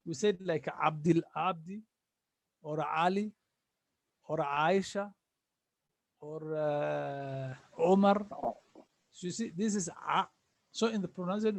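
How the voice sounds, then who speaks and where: A man's voice: fairly high pitch, slow pace, creaky, long pauses, no echo. A man teaching an online class, patiently repeating sounds and names for his students over a video call. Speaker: Arabic teacher.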